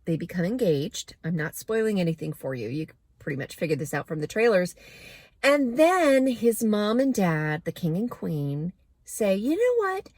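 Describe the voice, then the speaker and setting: A woman's voice: on the low side, animated, normal speed, darkish tone, no room sound. A woman giving a casual, candid movie review to camera, chatty with plenty of fillers.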